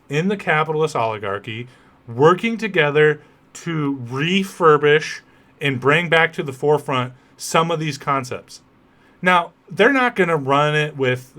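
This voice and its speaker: A man's voice: mid-range voice, pushed and bright. A man hosting a podcast, talking straight to his listeners in a conversational political commentary monologue. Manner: conversational, rhetorical asides to listeners. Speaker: podcast host.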